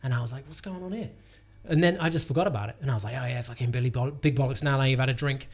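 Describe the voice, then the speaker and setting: A man's voice: mid-range voice, very fast. A young man, telling a rambling, sweary comedy-gig story in casual podcast chat. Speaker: comedian guest.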